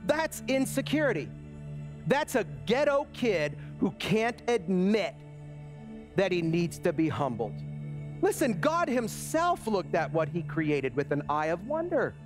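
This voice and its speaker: A pastor in his forties delivers a sermon in a notably high, bright-pitched voice. He tells stories with lively animation, then slows into quiet, earnest appeals. Clear music plays underneath him throughout. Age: 40s. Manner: animated storytelling that drops to a quiet, slow, earnest close.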